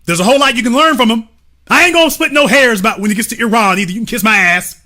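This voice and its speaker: A man's voice: very high voice, very fast, bright, forceful tone. A man hosting a livestream, giving emphatic, profane opinion commentary and talking straight to his chat. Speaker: livestream host.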